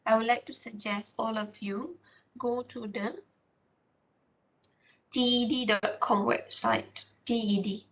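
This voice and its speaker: A woman giving a classroom lecture, explaining step by step with many filler pauses and restarts. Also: on the high side, steady tone, a bit bright, rough recording.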